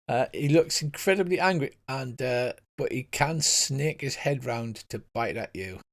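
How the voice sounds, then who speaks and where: A man running a tabletop game as game master, narrating the action and rulings in a relaxed, chatty way full of fillers. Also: medium pitch, unhurried, gravelly.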